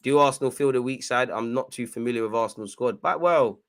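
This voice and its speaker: A young man giving live fan commentary on a football match, shouting at the referee and players and urging his team on. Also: mid-range voice, quick pace. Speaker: football watchalong host.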